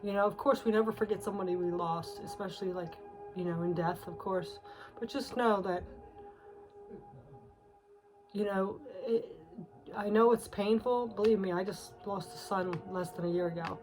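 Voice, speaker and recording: In a steady, mid-range voice a little on the fast side, a tarot reader speaks casually and confidingly, close to tears and quite emotional. Frequent fillers and soft laughs fill her talk. Faint music plays behind, and the audio is poor.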